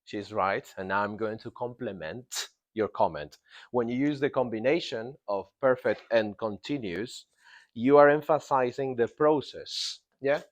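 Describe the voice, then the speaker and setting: An English teacher with a mid-range voice speaks a little slowly while teaching a grammar lesson in a classroom. He stresses and repeats key words and keeps checking in with his students.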